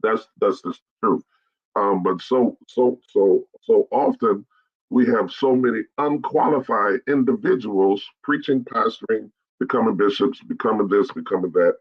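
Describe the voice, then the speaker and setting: A man's voice: on the low side, unhurried, husky, dull audio. A middle-aged man, a bishop, giving a blunt straight-talk message to pastors, repeating his points to drive them home.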